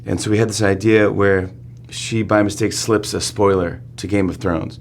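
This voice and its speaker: A man in his forties, a talk show host appearing as a guest in a studio interview, who tells an excitable story, laughs often and acts out the quotes. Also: fairly low pitch, normal speed, slight background noise.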